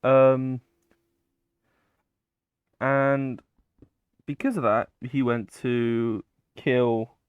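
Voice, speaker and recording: Male storyteller, unhurried delivery, dry close sound, rambling, filler-heavy, casual swearing. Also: mid-range voice, little pitch movement, smooth, dry recording, narrow, tinny audio. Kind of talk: casual retelling of a myth.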